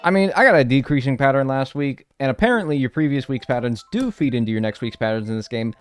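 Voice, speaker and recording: A man's voice: mid-range voice, fast, smooth, no echo, faint music behind. A man streaming a game live, chatting casually and joking with his chat from his room.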